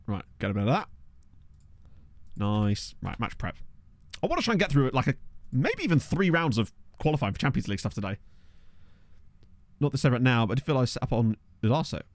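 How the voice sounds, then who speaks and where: Lively, excitable male game streamer. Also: medium pitch, brisk, long pauses, no room sound. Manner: excitable, chatty, reacts aloud and addresses chat. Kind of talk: casual gameplay commentary. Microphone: desk microphone.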